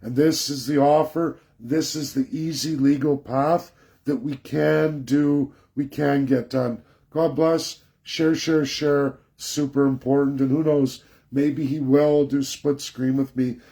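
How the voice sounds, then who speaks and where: A man's voice: mid-range voice, fairly even intonation, unhurried, creaky, warm tone. A man hosting a live political stream, talking in an insistent, repetitive, preachy way.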